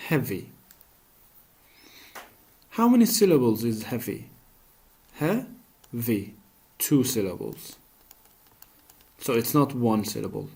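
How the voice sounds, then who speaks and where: A man's voice: medium pitch, very animated, slow, vocal fry, long pauses, a little mellow. A man teaching a grammar lesson, speaking patiently and asking questions that he then answers himself. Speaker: English teacher.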